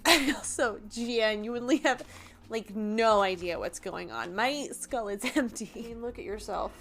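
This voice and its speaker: A woman's voice: on the high side, animated, moderate pace, a bit bright. A woman streamer chatting casually and joking at her own expense while she draws. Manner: joking, self-deprecating. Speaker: livestreamer.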